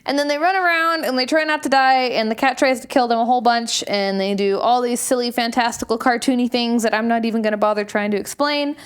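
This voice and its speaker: A woman on a film podcast, chatting casually and retelling scenes in an animated way, acting out the characters' lines. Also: on the high side, fast, few pauses, smooth. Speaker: podcast guest. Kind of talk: casual chat.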